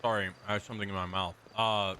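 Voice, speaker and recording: A man's voice: fairly low pitch, level tone, fast, bright, forceful tone, slight background noise. A man joking and teasing in casual in-character role-play.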